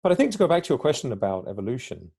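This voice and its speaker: A man with a mellow, warm voice talks at length on a podcast. He is reflective and explains his ideas in a conversational way, now and then acting out little quoted exchanges. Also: medium pitch, big pitch swings, rapid-fire, gravelly, slightly rough. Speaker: podcast guest.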